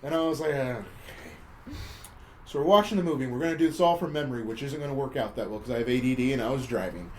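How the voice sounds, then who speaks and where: A man's voice: mid-range voice, very fast, hardly any pauses, darkish tone, slight background noise. A man hosting a podcast, casually retelling a movie's plot in a rambling, chuckling way. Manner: rambling, chuckling storyteller with restarts. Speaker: podcast host.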